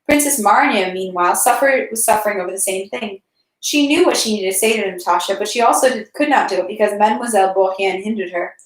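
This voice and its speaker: A woman reading a classic novel aloud in a steady voice, with occasional slips and self-corrections. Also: medium pitch. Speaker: reader. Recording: echoey room.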